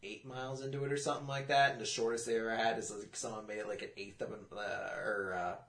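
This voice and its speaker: A man's voice: on the low side, level tone, fast, a bit bright. Giggly man chatting in an echoey room. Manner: giggly, often laughing, breaks into brr sounds. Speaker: podcast co-host. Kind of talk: casual comedic chat.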